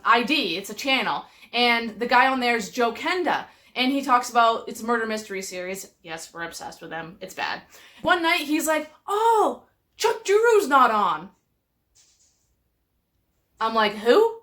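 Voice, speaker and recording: A woman's voice: fairly high pitch, big pitch swings, normal speed, sharp tone. A woman telling stories casually to camera, chatty and exasperated, with lots of "like". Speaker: vlogger.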